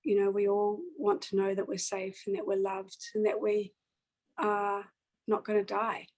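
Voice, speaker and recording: Woman guest, storyteller, even level delivery, earnest and reflective with pauses. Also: medium pitch, rough recording. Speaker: singer-songwriter guest. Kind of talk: personal storytelling in a conversation.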